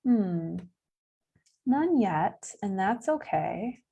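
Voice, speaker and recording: A young woman teaches children about animal senses over a live stream. Her pitch sits in the middle range, and her delivery is chatty and playful, with little laughs at her own jokes. She sounds like a camp educator talking from home. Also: big pitch swings, very slow, creaky, dark tone, breathy edge. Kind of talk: live-streamed kids' science lesson.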